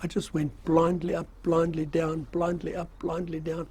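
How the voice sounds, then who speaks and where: A man's voice: on the high side, completely flat delivery, moderate pace, a little mellow, a little hiss or hum. An older man casually recounting his army days in a rambling, self-mocking way, with fillers and chuckles. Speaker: storyteller recalling army service. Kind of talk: casual spoken memoir.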